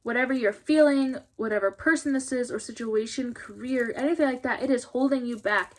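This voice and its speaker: A woman's voice: a little high, brisk. Chatty young woman reading tarot. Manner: chatty, apologetic, laughs often. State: tired, yawning. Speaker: tarot reader. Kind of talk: casual tarot reading to camera.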